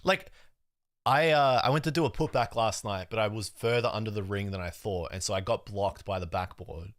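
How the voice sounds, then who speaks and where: A young Australian man as a guest in a casual chat, relaxed and matter-of-fact. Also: lowish voice, brisk, dry recording, clean studio sound.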